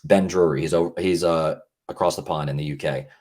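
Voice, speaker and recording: A man with a low, husky voice chats as a guest on a podcast. He talks in a casual, earnest way and rambles with plenty of fillers and restarts. His deep tone and slightly rough texture stay with him the whole time. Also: fairly even intonation, fairly quick, a little mellow.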